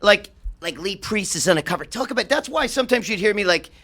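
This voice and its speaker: A man in his fifties, a talk show guest telling loud, profane, laughing stories. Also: high voice, lively intonation, fast. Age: 50s. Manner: loud, swearing, laughing storyteller. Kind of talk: profane casual chat.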